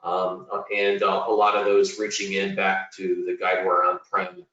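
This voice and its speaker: A man's voice: low voice, monotone, moderate pace, pushed and bright. A man, a technology executive, introducing himself on an online panel in a matter-of-fact way. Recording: roomy, distant, muffled call audio.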